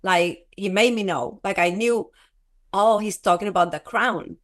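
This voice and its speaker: A woman who is a guest in an interview, telling a personal testimony in a halting, earnest way, with many filler words and restarts. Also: medium pitch, fairly bright tone. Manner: earnest, often breaks into laughter.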